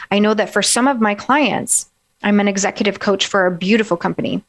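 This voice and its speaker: A woman life coach giving a gentle, encouraging self-help talk and guiding the listener through slow breaths. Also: medium pitch.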